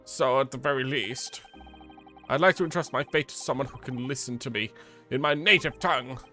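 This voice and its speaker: Game read: British man voicing a distressed young foreign student, strained and high, bright and tense. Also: moderate pace, soft background music, natural voice. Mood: pleading. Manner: high-pitched, freaked out.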